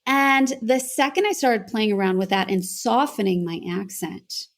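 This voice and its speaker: A woman's voice: mid-range voice, lively intonation, moderate pace. An American woman, a voice coach, earnestly telling her story as a podcast guest. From United States. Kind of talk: podcast interview.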